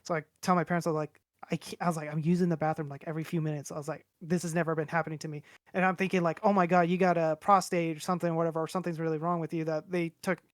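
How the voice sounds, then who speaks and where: A man's voice: on the high side, no room sound, studio quality. A man in his twenties chatting casually on a podcast, rambling and candid, swearing freely as he talks. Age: 20s. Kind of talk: casual chat.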